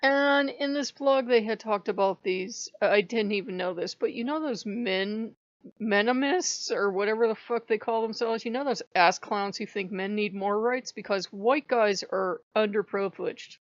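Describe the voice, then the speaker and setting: A woman's voice: medium pitch, normal speed, no room sound, dull audio. A woman vlogger telling a casual ranting story, swearing freely and often laughing. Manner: profane, laughing, animated.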